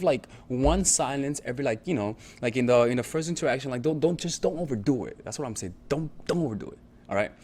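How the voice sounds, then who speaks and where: Male dating coach, casual instructional delivery, profane and repetitive, average-pitched voice, faint background hiss. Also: darkish tone. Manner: conversational, repetitive check-ins, profane.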